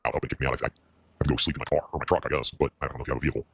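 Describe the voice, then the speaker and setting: Very deep, fast, stammering male streamer. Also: steady tone, breathy edge, no room sound, clean studio sound. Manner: stammering, repeats words, halting. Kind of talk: rambling livestream chat.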